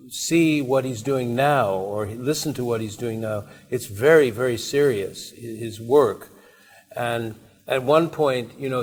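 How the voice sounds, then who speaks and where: A man giving a conversational talk at a university, telling anecdotes in a rambling way with frequent restarts and asides. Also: medium pitch. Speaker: invited speaker. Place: university seminar room.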